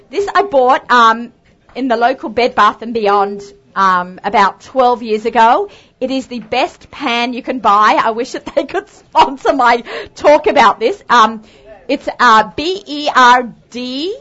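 A woman's voice: high voice, a bit bright. An Australian woman hosting a live cooking demonstration, talking chattily and upbeat with lots of asides. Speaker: cooking show host. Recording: dull lo-fi sound.

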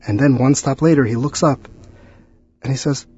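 A man, a rabbi guest on a radio show, giving earnest advice and telling stories with animated retellings. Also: medium pitch, normal speed, husky, dull audio. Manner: animated storyteller, preachy exhortations.

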